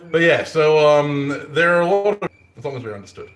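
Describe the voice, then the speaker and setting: In a fairly high, sing-song voice that moves quickly and sounds a bit bright, an Australian man chats on a live stream while working as a bladesmith. He jokes, makes puns and laughs often, and his forge has a roomy echo.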